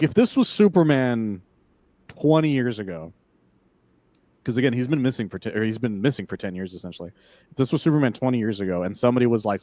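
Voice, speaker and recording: Male podcast co-host, mid-pitched, dry close recording, loose and animated, swears a lot. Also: no room sound. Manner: animated, swearing, acts out quotes with laughs. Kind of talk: casual comic book discussion.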